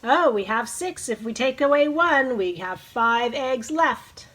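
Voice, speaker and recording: Woman teacher, fairly high voice, unhurried storybook reading to small children, encouraging, leads call-and-response. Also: lively intonation, a bit bright. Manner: slow, encouraging, leads bird-call imitations. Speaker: preschool teacher. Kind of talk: reading a picture book aloud to children.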